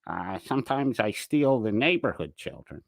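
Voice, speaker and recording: A man putting on a creepy middle-aged man who confesses in a flat, deadpan drone. The delivery is dry and mocking. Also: fairly low pitch, normal speed, gravelly, no room sound, full character voice.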